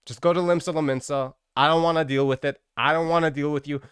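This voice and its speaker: A man who makes gaming videos tells a comic story in an animated, slangy and profane way, exaggerating for laughs. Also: fairly high pitch, fast talker, smooth, no echo, clean studio sound.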